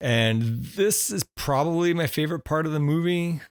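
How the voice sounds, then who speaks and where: A man's voice: on the high side, normal speed, clean tone, no room sound. A man co-hosting a podcast, reviewing a film in casual chat, laughing often and restarting his thoughts. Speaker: podcast co-host.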